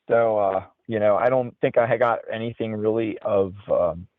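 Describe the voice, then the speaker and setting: Low-voiced man on a tinny line. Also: unhurried, dry recording. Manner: rambling, frequent "you know" and restarts. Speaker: guest, outdoorsman and paranormal investigator. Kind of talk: casual storytelling interview.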